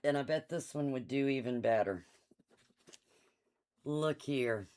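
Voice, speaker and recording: A woman's voice: extremely low pitch, slow, a little mellow. A middle-aged woman hosting a live quilt shop sale in her shop, chatty and enthusiastic, laughing often and reading out item numbers. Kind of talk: casual live-stream sales chat.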